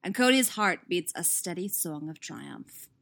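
A woman reading fan fiction aloud in a steady, expressive narration. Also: fairly low pitch, a little slow, creaky. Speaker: audiobook reader.

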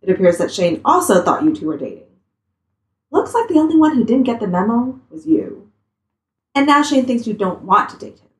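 A blunt, meddling woman coworker from a read-aloud story, put on by the narrator. She talks in a teasing, matter-of-fact way with a lively, swinging pitch. The recording has a roomy echo. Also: brisk.

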